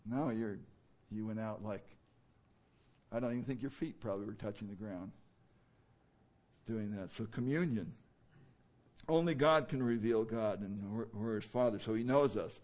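A man preaching a sermon in a conversational way, with many fillers, who now and then rises into loud, emphatic bursts. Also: fairly low pitch, moderate pace, pauses often. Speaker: pastor.

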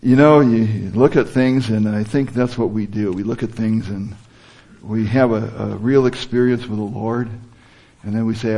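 A man's voice: lowish voice, steady tone, moderate pace, dark tone. A man giving an informal sermon, talking conversationally and stopping to rephrase as he quotes scripture. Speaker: preacher.

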